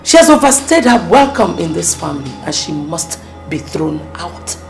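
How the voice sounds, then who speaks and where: A woman's voice: fairly low pitch, sing-song, moderate pace, gravelly. An actress with a Nigerian accent playing a domineering, scornful wealthy mother-in-law in a film. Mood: commanding. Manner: scornful, commanding. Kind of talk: film acting. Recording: film soundtrack with music behind.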